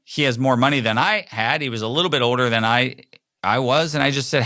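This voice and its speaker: A man's voice: mid-range voice, animated, brisk, sharp tone, no echo, clean studio sound. A middle-aged man hosting a podcast alone, talking casually in a rambling way and acting out quoted voices. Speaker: podcast host. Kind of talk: casual solo monologue.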